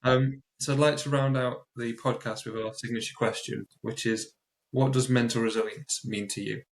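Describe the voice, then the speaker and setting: A man hosting a podcast interview, calmly summarizing and reflecting back. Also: medium pitch, moderate pace, low-quality recording. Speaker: podcast host.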